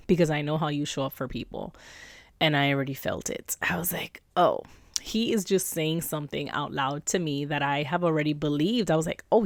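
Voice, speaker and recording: A woman's voice: low voice, no room sound, studio quality. A woman hosting a podcast, telling a personal story in a candid, emotional, confessional way, sometimes dropping to a near-whisper. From Puerto Rico. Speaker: podcast host.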